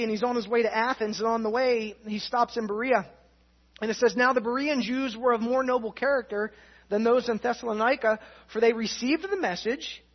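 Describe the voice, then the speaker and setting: Woman preacher, high husky voice, earnest sermon delivery, muffled lo-fi sound. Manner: earnest teaching, swings from emphatic to hushed.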